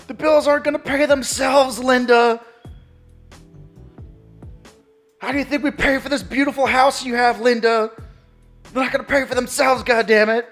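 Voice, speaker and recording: A man's voice: mid-range voice, level tone, normal speed, long pauses, soft background music, voice pushed down, natural voice. A man voicing a crude, self-pitying male porn actor who moans to his wife about his job, as an improvised comic bit. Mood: exasperated.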